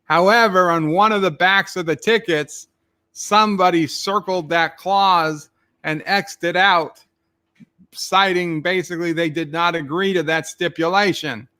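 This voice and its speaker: A man's voice: high voice, steady tone, unhurried, bright, forceful tone. A man streaming, casually retelling a dream in a rambling, swearing way and acting out his own lines.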